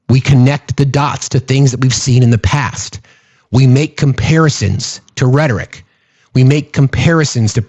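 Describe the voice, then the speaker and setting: A man's voice: mid-range voice, darkish tone, husky, no echo. A man hosting a political commentary show, speaking emphatically and repeating phrases for stress.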